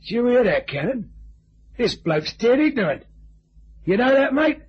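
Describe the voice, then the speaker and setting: An actor playing a coarse, suspicious stagehand with a rough voice and blunt, truculent manner in a vintage radio drama. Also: male voice, extremely high pitch, very animated. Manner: blunt and truculent, slow drawl. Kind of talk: 1950s radio drama acting. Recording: dull vintage radio recording.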